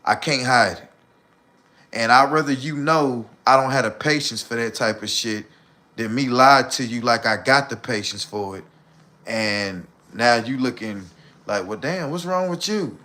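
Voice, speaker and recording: A man's voice: medium pitch, measured pace, sharp tone. Blunt, profane man ranting on a livestream. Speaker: livestream host. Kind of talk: casual livestream rant.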